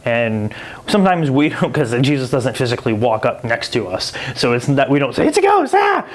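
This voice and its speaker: A man hosting a podcast, giving a casual Bible teaching in a loose, conversational way and acting out the people in the stories. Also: fairly quick. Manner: animated storytelling, acting out quoted voices in a jumpy high pitch; loose and conversational, with many 'like' and 'kinda'. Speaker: podcast host.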